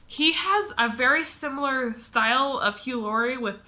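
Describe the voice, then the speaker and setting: Chatty bright-voiced American woman co-host. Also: high-pitched, moderate pace. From United States. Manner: chatty, laughs often, lots of fillers. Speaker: podcast co-host. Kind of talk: casual chat.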